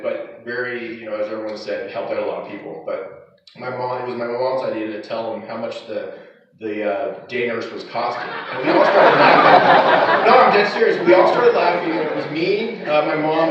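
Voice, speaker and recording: A man's voice: mid-range voice, noisy background. Man giving an echoey eulogy from far off. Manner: rambling, with many fillers and restarts. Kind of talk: informal eulogy with anecdotes. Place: funeral service hall. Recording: echoey hall, far from the mic, dull.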